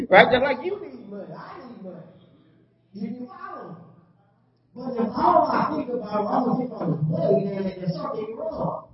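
Preacher guy, highish voice, folksy call and response, dull echoey church sound. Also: moderate pace, pauses often. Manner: call-and-response, repeats "you follow me?"; folksy Southern preaching, drops into soft calm tone. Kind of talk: sermon. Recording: roomy, dull church recording.

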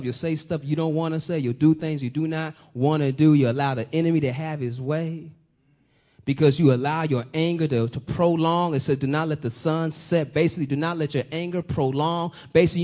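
A man preaching a sermon, speaking straight to the congregation with questions and rising to loud, emphatic peaks before dropping low again.

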